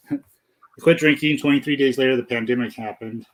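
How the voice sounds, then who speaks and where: A man's voice: medium pitch, fairly quick, low-quality recording. A man guest talking candidly about his life in a nervous, self-deprecating way. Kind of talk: casual personal conversation.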